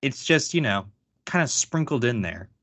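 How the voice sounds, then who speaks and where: A man's voice: medium pitch, normal speed, dry recording. Rambling casual man, dry close mic. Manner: rambling, filler-heavy, animated asides. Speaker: podcast co-host. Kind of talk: casual chat.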